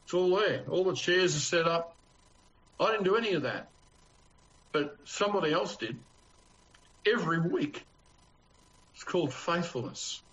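A man's voice: high voice, lively intonation, a little slow, pauses often, fairly bright tone. A man with an Australian accent preaching a conversational sermon as pastor, earnest and homely, with rhetorical questions to his congregation. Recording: dull, lo-fi sound.

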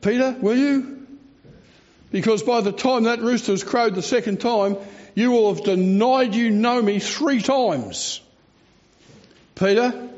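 A man preaching who voices Jesus as a gentle but searching teacher, pressing with rising questions. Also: extremely high pitch, slow pace, pitched above the performer's own voice. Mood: pleading. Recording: dull lo-fi recording.

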